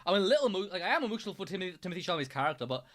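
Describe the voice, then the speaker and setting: A man's voice: high-pitched, very animated, very fast, a bit bright. A man chatting casually as a streamer reacting to videos, enthusiastic and rambling. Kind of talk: casual chat.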